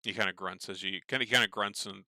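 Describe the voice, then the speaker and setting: Rambling male game master, bright voice. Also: on the low side, steady tone, fast, no echo. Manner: meandering, many fillers and restarts. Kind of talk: narrating a tabletop game.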